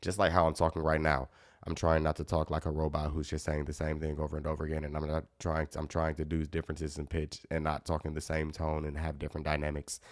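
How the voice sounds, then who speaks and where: A man's voice: a bass voice, monotone, fast, dry recording, clean studio sound. A man teaching guitar in a casual live Q&A, chatting easily and reading out viewer comments.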